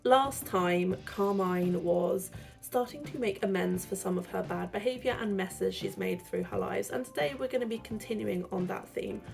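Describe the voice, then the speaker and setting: A woman with a hoarse, croaky voice from being unwell, chatting casually as she narrates her gameplay. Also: medium pitch, moderate pace, darkish tone, soft background music. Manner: chatty, rambling with fillers. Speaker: let's-play host.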